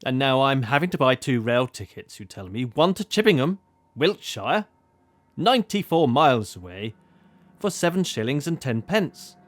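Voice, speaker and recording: A man voicing a fussy, clipped British gentleman heard as if from an old radio play, complaining pompously. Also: mid-range voice, very animated, normal speed, dry recording, voice pushed up, natural voice. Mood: indignant. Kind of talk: 1940s radio acting.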